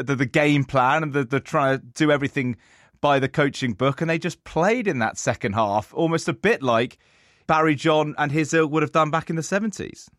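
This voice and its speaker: A man's voice: on the high side, dry recording, studio quality. A man hosting a sports discussion in a conversational way, leading with questions. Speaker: host.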